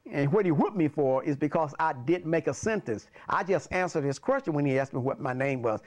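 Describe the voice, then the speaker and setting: Older man, pastor, lively swooping voice, fairly high pitch, chuckling storyteller. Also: a little fast. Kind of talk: personal storytelling.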